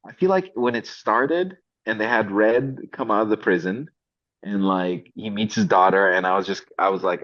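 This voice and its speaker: A man's voice: on the low side, expressive, fairly quick, fairly bright tone, dull audio. A man co-hosting a casual movie review chat, talking emphatically with indignant rhetorical questions.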